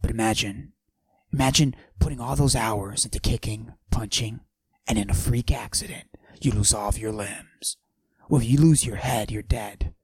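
A man playing a boastful macho character, pushing his voice low and husky and often dropping to a whisper while he brags deadpan. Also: normal speed, dry recording. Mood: swaggering. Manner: boastful, deadpan absurd bragging. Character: cocky macho man with a forced deep voice. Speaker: podcast host. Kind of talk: comic character monologue.

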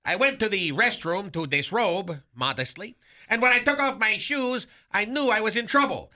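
A long-winded, pompous lovesick fellow, as a man puts him on for a radio comedy sketch. The tone is strikingly bright and thin, and he piles up fancy words with deadpan self-importance. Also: high voice, normal speed, heavily acted. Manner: flowery, overblown vocabulary, deadpan bragging. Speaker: recurring comedy character.

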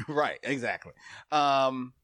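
A man in relaxed conversation laughs easily and relays what listeners said. His pitch moves a lot, and the recording is dry and close. He sounds like a friendly host keeping things loose. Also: slow pace, no echo. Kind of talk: casual chat.

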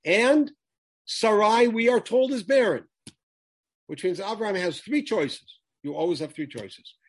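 A man's voice: high-pitched, expressive, a little slow, breathy edge, dry recording. A man teaching a Torah lesson, quoting Hebrew verses and translating them emphatically. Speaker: Bible teacher.

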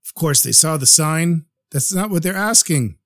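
A man telling a story on his podcast, animated and acting out each character. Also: a little high, normal speed.

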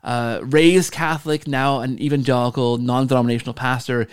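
A man hosting a podcast, telling a story in a casual, animated way and checking in with a frequent "right?". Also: medium pitch, smooth. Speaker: podcast host.

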